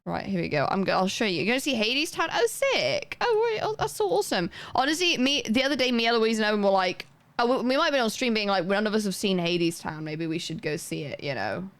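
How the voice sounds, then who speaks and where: A woman's voice: medium pitch, expressive, fast talker, clean tone. A young woman livestreaming, chatting casually and rambling as she reads chat aloud and thanks viewers.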